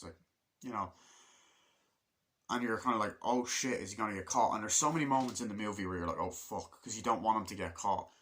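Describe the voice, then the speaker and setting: A man's voice: on the low side, fairly bright tone. A man giving a casual movie review, rambling through scenes, swearing a lot and acting out moments as he goes.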